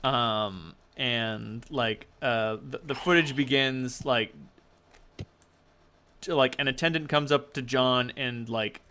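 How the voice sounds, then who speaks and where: Man, game master, narrating a tabletop game, bright forward voice, rambling, lots of fillers. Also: medium pitch, takes it slowly, smooth.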